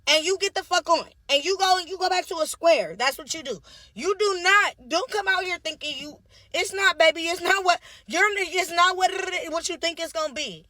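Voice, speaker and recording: A woman's voice: extremely high pitch, moderate pace, sharp tone, no room sound. A woman with a Los Angeles accent giving a brash, profane rant about dating. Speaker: tiktok creator.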